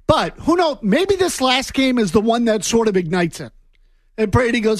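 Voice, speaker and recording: Man, sports co-host, high voice, casual chatty talk, dry close sound. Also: brisk, no echo. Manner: casual, chatty, lots of fillers.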